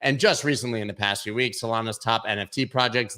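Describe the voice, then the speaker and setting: A man's voice: medium pitch, fast, gravelly, sharp tone. A man hosting a casual crypto livestream, chatting through charts and making jokey asides to his viewers. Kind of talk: casual livestream market commentary.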